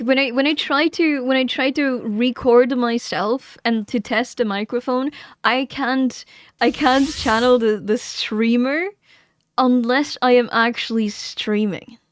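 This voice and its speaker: A woman's voice: on the high side, dry recording. A woman live streamer chatting casually into a streaming microphone, rambling, giggling and correcting herself as she goes. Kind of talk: casual livestream chat.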